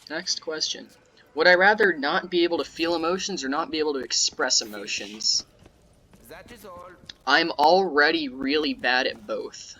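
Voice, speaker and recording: A young gaming YouTuber gives casual gameplay commentary in a medium-pitched, monotone voice that comes off sarcastic. He rambles, leaning heavily on fillers.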